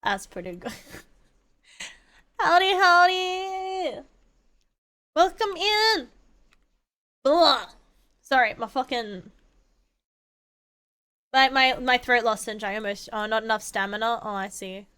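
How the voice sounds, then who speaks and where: A young woman streams a game and talks her way through it, rambling, swearing and bursting into excited shouts. Her voice sits high and sounds bright and crisply clean. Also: normal speed, pauses often. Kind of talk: casual gameplay chat.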